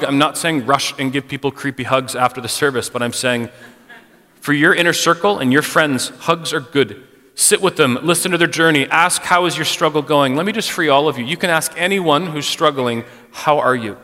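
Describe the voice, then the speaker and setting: A middle-aged man speaks to a church congregation in a frank, conversational way, leaning on casual "like"s. His voice is bright and forceful. It carries a long reverb from the hall around him. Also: fairly high pitch, brisk. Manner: conversational, frank, personal, uses "like" often. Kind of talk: candid church talk on mental health. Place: church sanctuary.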